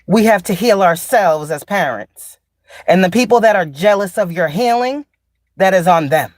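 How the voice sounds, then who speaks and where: A woman's voice: fairly low pitch, lively intonation, normal speed, a little mellow, no room sound, studio quality. Blunt, profane woman spiritual teacher. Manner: blunt, profane, laughs often. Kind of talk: casual spiritual monologue.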